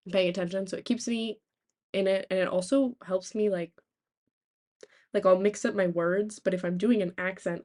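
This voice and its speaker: A young woman from the United States, a streamer telling rambling, animated stories in casual chat, swearing freely. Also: fairly low pitch.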